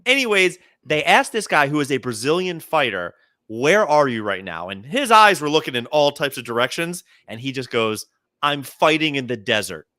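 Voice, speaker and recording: A man's voice: on the high side, normal speed, no echo, clean studio sound. A man co-hosting a comedy podcast, telling news stories in casual chat and acting out the quotes. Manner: animated storyteller, acts out quotes. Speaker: podcast co-host.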